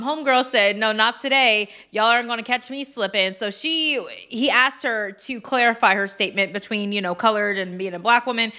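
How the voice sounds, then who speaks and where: A woman giving casual commentary on a vlog, chatty with quick asides and lots of fillers. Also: on the high side, sharp tone. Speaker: commentary vlogger.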